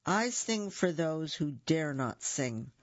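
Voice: mid-range voice, slow pace, no room sound. A reader voicing Gallito, a stubborn merry rooster. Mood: cheerful resolve. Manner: defiant, steady and plain. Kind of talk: storybook read-aloud. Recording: dull lo-fi recording.

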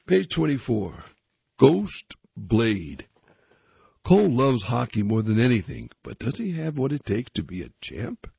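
A man reading a youth magazine aloud, articles and a story, in a plain, steady manner. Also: mid-range voice, measured pace, gravelly, breathy edge, dry recording. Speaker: reader. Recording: dull, dry recording.

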